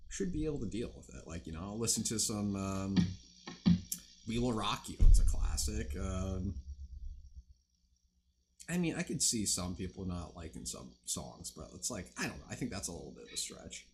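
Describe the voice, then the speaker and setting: A man's voice: low voice, big pitch swings, moderate pace, over music. A young man hosting a livestream, chatting casually with viewers in a rambling, profane way full of fillers. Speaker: livestream host. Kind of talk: casual chat with stream viewers.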